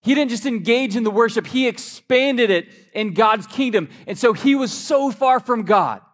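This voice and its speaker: A man's voice: very high voice, normal speed. Man preaching in a reverberant church. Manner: lively, joking storyteller. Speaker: pastor. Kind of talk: sermon. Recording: long hall reverb.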